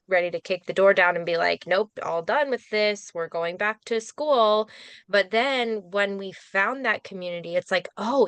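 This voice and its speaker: A woman's voice: lowish voice, a bit bright, clear, resonant tone, no echo. A woman hosting a podcast, affirming her guest and sharing her own experience in conversation. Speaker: podcast host. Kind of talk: conversational interview.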